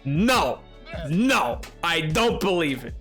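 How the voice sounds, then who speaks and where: A live streamer playing a game, joking with chat in a loose, excitable way, jumping from loud outbursts to low mutters. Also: takes it slowly, soft background music. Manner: excitable, bantering with chat, jumping between yelling and mumbling. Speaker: livestreamer playing a video game. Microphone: desk mic.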